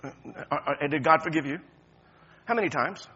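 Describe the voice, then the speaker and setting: A man preaching a sermon as pastor, talking to the congregation conversationally, stumbling over restarts, then breaking into emphatic high points. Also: moderate pace, bright, forceful tone, highs cut off.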